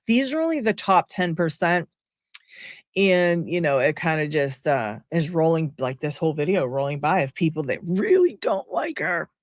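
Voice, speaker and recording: A woman's voice: low-pitched, very animated, moderate pace, no echo, studio quality. A woman giving casual, sarcastic reaction commentary from home, talking to her viewers. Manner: sarcastic, exasperated, chatty. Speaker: commentary vlogger.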